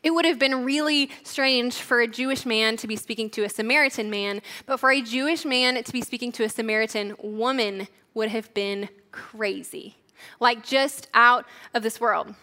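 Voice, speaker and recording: Young woman preaching, kinda chatty, says like a lot, bright higher voice. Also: normal speed. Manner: casual, chatty, says "like" often. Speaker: church leader preaching. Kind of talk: conversational sermon.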